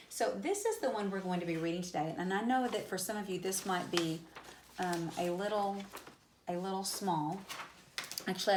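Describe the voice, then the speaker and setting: Echoey lower-voiced teacher explaining poetry. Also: female voice, background noise. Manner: explains step by step with frequent "um" and "so". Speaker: high school English teacher. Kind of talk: recorded classroom lecture.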